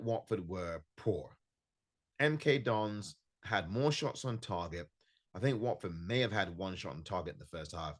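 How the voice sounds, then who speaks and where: A man hosting a solo football podcast, reviewing a match in an emphatic, frustrated way and repeating himself for stress. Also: sits low. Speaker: podcast host. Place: home recording in California.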